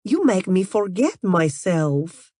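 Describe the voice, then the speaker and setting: A woman voicing a flirtatious female Russian model, with a put-on Russian accent and a slow, purring, teasing delivery. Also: fairly low pitch, sing-song, darkish tone, no echo, clean studio sound, pitched above the performer's own voice, exaggerated voice. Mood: playful.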